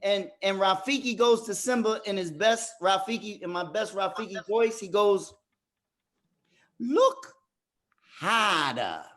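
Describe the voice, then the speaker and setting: High-voiced man leading a dads' workshop. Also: fairly even intonation. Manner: emphatic, repeats words when restarting; turns soft and slow in reflective parts. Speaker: group facilitator. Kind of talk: motivational workshop talk.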